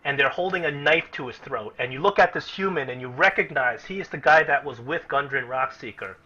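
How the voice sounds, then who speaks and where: Bright-voiced man running a tabletop game. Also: medium pitch, fairly quick. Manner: casual, explanatory, with many fillers and restarts. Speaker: game master. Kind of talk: narrating a tabletop game online. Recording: muffled lo-fi audio.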